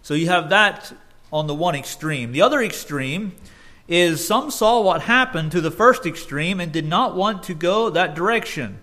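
A man's voice: high voice, lively intonation, moderate pace, sharp tone. A man preaching a sermon earnestly, often restarting his phrases and rising in force when he quotes scripture.

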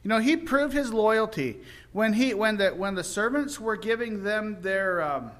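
High-voiced folksy man retelling a story. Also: unhurried. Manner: folksy, animated, acts out voices of characters. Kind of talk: informal Bible story retelling.

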